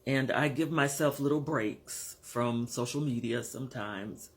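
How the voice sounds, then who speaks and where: A man in his fifties or sixties speaking frankly to his camera at home in a personal vlog, measured and pausing to find his words. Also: medium pitch. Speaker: vlogger. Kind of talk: candid personal vlog monologue.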